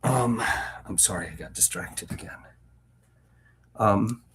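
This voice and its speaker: A man with a lowish voice chatting casually between passages of a fantasy book reading. He rambles and restarts often, trailing off and picking the thread back up. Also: slow, heavy background noise. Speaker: reader and host.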